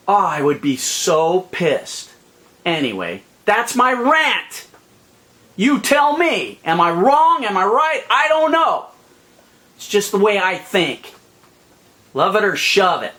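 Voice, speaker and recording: A man's voice: high voice, big pitch swings, slow, sharp tone. A man in a heated, profane rant to camera, exasperated and sweating under a hot light. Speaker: vlogger. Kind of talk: angry ranting monologue to camera.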